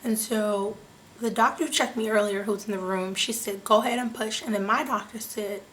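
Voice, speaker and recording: A young woman vlogger telling a personal story to her viewers in an animated, chatty way, often saying "like" and "you guys.". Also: medium pitch, moderate pace, a little hiss or hum. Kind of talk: casual storytelling to camera.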